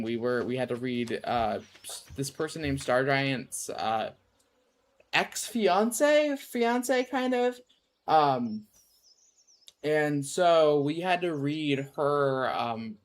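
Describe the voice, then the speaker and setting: A man's voice: medium pitch, animated, slow pace. Rambling man streaming a farm game. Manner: rambling, self-interrupting, goofy asides. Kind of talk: casual chat while gaming.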